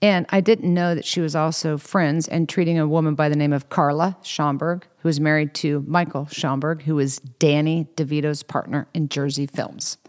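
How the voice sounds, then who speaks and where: A middle-aged woman, an interview guest, telling stories in a casual, lively way and slipping into quoted voices. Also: deep voice, moderate pace, hardly any pauses. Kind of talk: casual storytelling.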